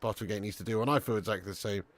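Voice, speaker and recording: A man's voice: on the low side, fairly even intonation, rapid-fire. A man, hosting a football watch-along live stream. He is sweary and full of banter, and he talks straight to his viewers. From Birmingham area, England.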